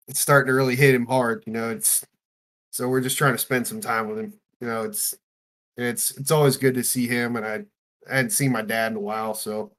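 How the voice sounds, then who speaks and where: A man co-hosting a casual chat, talking in a halting way with many fillers. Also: mid-range voice, a bit bright. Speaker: podcast co-host.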